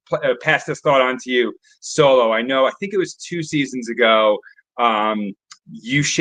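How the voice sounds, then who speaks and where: A man calls in to a sports show and rambles through his thought, often tripping over words. His tone is bright and a bit tense. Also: mid-range voice. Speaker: caller. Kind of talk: call-in chat.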